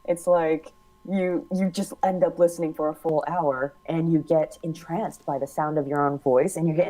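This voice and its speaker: A woman co-hosting a casual podcast chat, animated and quick to laugh, with a slightly hollow timbre, talking into a studio mic. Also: deep voice, rough recording. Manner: animated talk with a big laugh. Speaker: podcast co-host.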